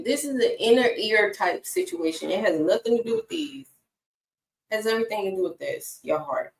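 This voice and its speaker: Lively woman in an echoey room. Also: fairly high pitch, normal speed, far from the mic. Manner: conversational, talks to her dog between points. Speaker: inspirational speaker. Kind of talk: casual faith talk. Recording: echoey room, away from the mic.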